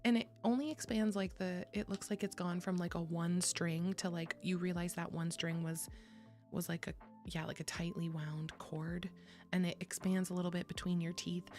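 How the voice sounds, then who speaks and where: A woman's voice: fairly low pitch, fairly even intonation, normal speed, a little mellow. A young woman streaming, chatting casually with her viewers, swearing freely, laughing often and reading chat aloud. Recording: faint music behind.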